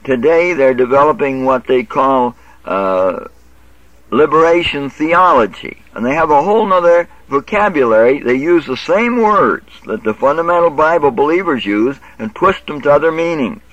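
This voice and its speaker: A man's voice: a little high, lively intonation, moderate pace, a bit bright, no echo. A man giving a Bible teaching lecture, reading verses aloud and explaining them in an instructive way. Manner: instructive, quotes scripture and corrects himself. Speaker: preacher. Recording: dull lo-fi audio.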